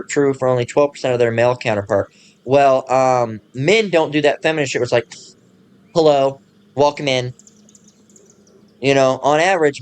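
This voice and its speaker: A man hosting his own channel, ranting casually in a profane, rambling way and pausing to read passages aloud. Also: medium pitch. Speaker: channel host.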